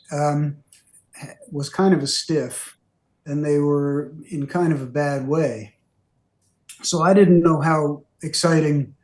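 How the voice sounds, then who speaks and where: A man's voice: on the high side, a little mellow. Older man telling rambling stories. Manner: rambling, filler-heavy, acts out quoted voices. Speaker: interview guest, former record executive. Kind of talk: anecdotal storytelling. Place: radio studio. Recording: roomy studio echo.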